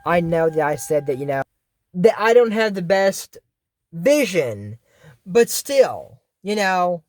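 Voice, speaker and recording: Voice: mid-range voice, big pitch swings, slow, darkish tone, dry recording, clean studio sound. A YouTuber recapping a cartoon episode in casual commentary, rambling and correcting their own slips.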